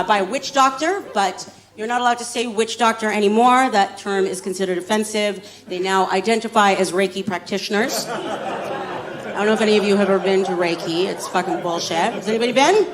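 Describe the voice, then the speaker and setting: A woman's voice: medium pitch, low-quality recording. A woman doing a stand-up comedy set, brash and profane in a chatty way. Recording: live audience laughter.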